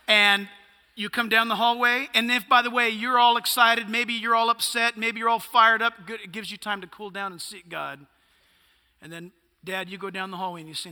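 A man's voice: sits high, pushed and bright, big-room sound. A male pastor preaching a sermon, emphatic and punchy, firing off rhetorical questions.

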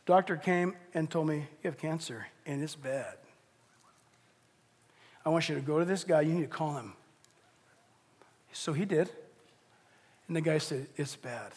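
A middle-aged man preaching a sermon as pastor, telling a story with animated delivery and acting out the voices of the people in it. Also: a little high, a little slow, pauses often, breathy edge. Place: church sanctuary. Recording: long reverb of a large hall.

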